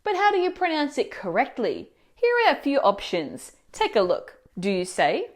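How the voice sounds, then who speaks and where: A woman teaching Italian pronunciation in a scripted video lesson, explaining words clearly and asking the viewer questions. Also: sits high, huge pitch swings, moderate pace.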